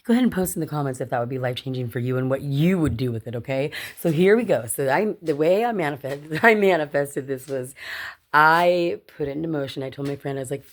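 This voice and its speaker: A woman's voice: low-pitched, lively intonation, fast talker. A woman vlogger telling a personal story casually to her viewers, chatty and swearing, often laughing and calling them "you guys.".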